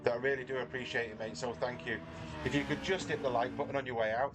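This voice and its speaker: Over a noisy background, a middle-aged man with a Mancunian accent talks fast in a steady, mid-range voice. He's livestreaming a race from his home garage, chatting casually and self-deprecatingly with viewers.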